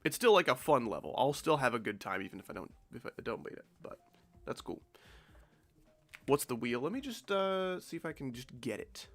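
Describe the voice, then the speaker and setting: A man's voice: mid-range voice, very animated, a little fast, fairly bright tone. A young man streaming a game, congested and nasal-sounding, chatting in a rambling, offhand and jokey way. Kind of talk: casual live-stream chat.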